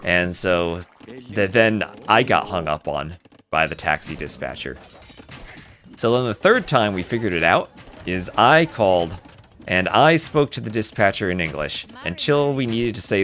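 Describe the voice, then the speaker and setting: Male game caster, deep register, lively swinging delivery, casual anecdotes between play-by-play. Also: slight background noise. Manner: chatty, storytelling asides between excited play calls. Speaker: esports caster. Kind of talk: live game commentary with casual chat.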